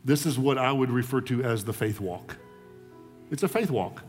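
A man preaching a sermon in an animated way, often repeating words as he builds his point. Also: medium pitch, moderate pace, in a large hall, soft background music. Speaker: pastor.

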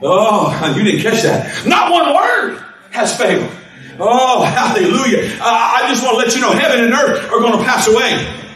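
A man preaching a fervent sermon to a church, shouting his refrains and laughing between lines, heard in an echoing sanctuary. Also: extremely high pitch, very animated, moderate pace. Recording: echoey hall from far off.

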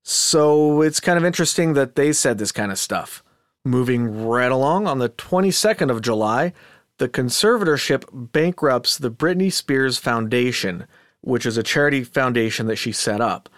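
A man's voice: mid-range voice, lively intonation, moderate pace, fairly bright tone, dry recording, clean studio sound. A man hosting a casual commentary podcast, chatty and skeptical, talking with asides and restarts. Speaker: podcast host.

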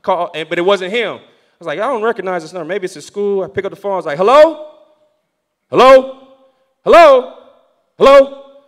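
A pastor telling a story from the pulpit, animated and acting out the voices of the people in it. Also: male voice, sits high, racing. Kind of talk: storytelling sermon.

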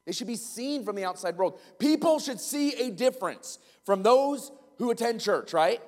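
Pastor, male, emphatic sermon delivery, high voice, echoing hall. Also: animated, normal speed, a little mellow. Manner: emphatic, plays out little scenes.

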